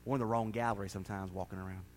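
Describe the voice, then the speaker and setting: A man preaching a sermon as pastor, folksy and conversational, then building to shouted, drawn-out preaching. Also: on the low side, steady tone, a little hiss or hum.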